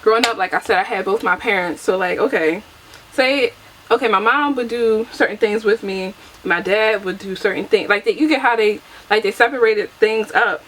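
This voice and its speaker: Doing a get-ready-with-me makeup vlog at home, a young adult woman chats casually, pokes fun at herself and laughs a lot. Her mid-range voice is a bit bright and comes at a normal speed. Recorded on a camera mic, the sound is rough with slight background noise.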